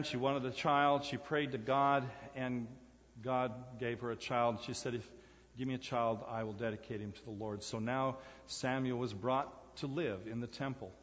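A man preaching a sermon in a church, emphatic, repeating key phrases and swinging from loud to hushed. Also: mid-range voice. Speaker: pastor. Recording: echoey church hall, dull lo-fi sound.

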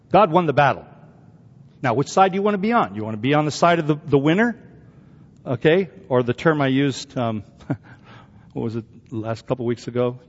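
A man preaching a sermon, lively and acting out voices from scripture. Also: medium pitch, breathy edge. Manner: animated, acts out biblical voices. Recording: dull recording in a hall.

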